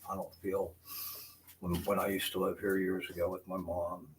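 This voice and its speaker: Deep-voiced frustrated older man, cursing. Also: monotone, moderate pace. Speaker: vlogger. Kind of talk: rambling live-stream talk. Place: a room in his house. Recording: distant, noisy home recording.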